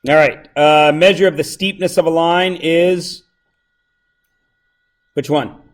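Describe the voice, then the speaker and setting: A male math teacher with a voice that sits a little high, talking a class through a review in a loose, joking way. He wanders off on tangents, then pulls back to the answers, checking often that everyone follows. It is a plain classroom lesson. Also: fairly even intonation, slow. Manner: joking, digressive, keeps checking students follow.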